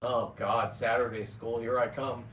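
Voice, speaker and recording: A man in his fifties talking casually on a live stream, rambling with loud outbursts and frequent swearing. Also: medium pitch, little pitch movement, a little slow, a little hiss or hum. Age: 50s. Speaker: livestreamer reading viewer comments. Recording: echoey, distant from the mic.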